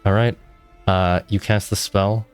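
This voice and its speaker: Low voiced guy dming a tabletop game, deadpan and teasing, little music in the back. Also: unhurried, clear, resonant tone. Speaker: dungeon master.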